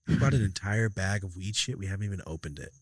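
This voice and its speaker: A man's voice: low-pitched, fast talker. A man hosting a casual podcast chat, teasing his guest and swearing freely. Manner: teasing, swears a lot, pushes for stories. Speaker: podcast host.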